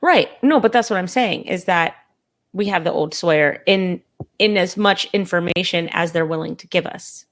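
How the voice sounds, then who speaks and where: A woman co-hosting a podcast in casual chat, quick to interject and laughing often. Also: lowish voice. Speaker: podcast co-host.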